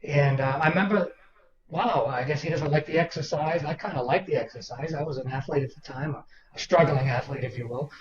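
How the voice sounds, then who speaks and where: A man's voice: on the high side, fairly quick. Older man telling stories. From Boston, Massachusetts. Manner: animated anecdotal storyteller, acts out quoted people. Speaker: author guest. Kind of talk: storytelling interview. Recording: roomy distant dull sound with crowd behind.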